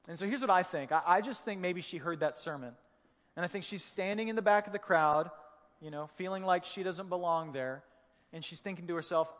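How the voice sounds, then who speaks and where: A man, a pastor, preaching a sermon in a relaxed storytelling way, with humor and vivid retellings. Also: high voice, moderate pace, in a large hall.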